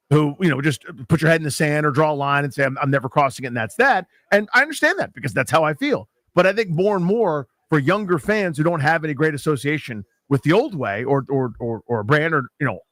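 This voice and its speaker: A man's voice: fairly high pitch, no echo. A man co-hosting a sports talk radio show, talking casually and arguing his point with a lot of restarts. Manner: animated, argumentative, repeats words when thinking. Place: live remote broadcast booth.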